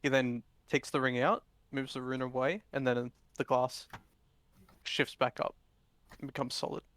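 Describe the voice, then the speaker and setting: A man's voice: mid-range voice, level tone, moderate pace, a bit bright. A man narrating as game master in a tabletop game, in a loose, rambling way full of fillers.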